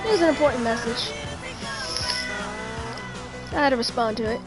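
A woman's voice: a little high, normal speed, over loud music. A young woman giving live commentary while playing a video game, chatting with viewers and swearing in frustration.

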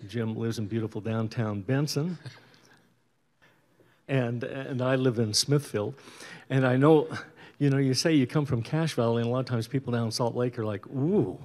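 A man's voice: medium pitch, normal speed, a little mellow. Easygoing middle-aged man, rambling stage talk. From Utah, USA. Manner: easygoing and rambling, with many "uh"s and restarts. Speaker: bandleader and guitarist. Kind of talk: casual stage banter introducing a concert. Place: indoor concert stage.

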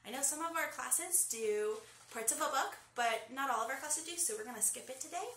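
A young woman with a high, bright voice reads a storybook aloud to children. She is cheerful and speaks to the kids directly. The room is echoey. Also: expressive, fairly quick, slight background noise. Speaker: school staff reading to pupils.

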